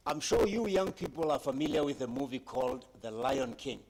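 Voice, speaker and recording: A man giving a public speech at a heritage conference, retelling a story dramatically with emphatic pauses and addressing young people. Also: on the high side, sing-song, creaky, a little mellow.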